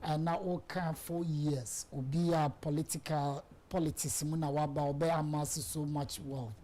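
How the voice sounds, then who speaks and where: Low, mellow Ghanaian woman. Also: steady tone, normal speed. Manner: short agreeing interjections, mixing Twi and English. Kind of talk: political talk show discussion.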